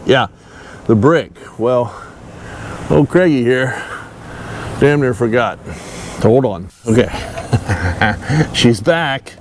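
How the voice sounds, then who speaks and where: A folksy man chats slowly to the camera while he works on a trailer outdoors. He talks in an easygoing, self-mocking way and chuckles at his own mistakes. Faint outdoor noise sits behind him. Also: medium pitch, a little mellow. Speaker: channel host doing a boat trailer fix-up. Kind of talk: casual DIY vlog talk to camera.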